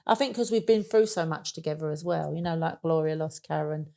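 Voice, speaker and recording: With a low, dark voice and some vocal fry, this Cockney woman in her sixties talks a little fast as an interview guest. Her storytelling is casual and chatty, sprinkled with fillers such as "and that."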